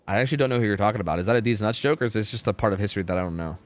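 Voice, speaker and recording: A young man casts a game match on a live stream, talking very fast in a fairly low voice with hardly any pauses. He's chatty, packs in lots of fillers, and reads the chat aloud as he goes, all casual live commentary. There's no room sound, just faint music in the background.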